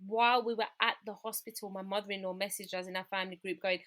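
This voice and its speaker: A woman's voice: mid-range voice, little pitch movement, fast talker, fairly bright tone. A woman, a podcast guest candidly recounting a personal story and acting out what her family said. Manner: candid, acts out the voices of family in her retelling.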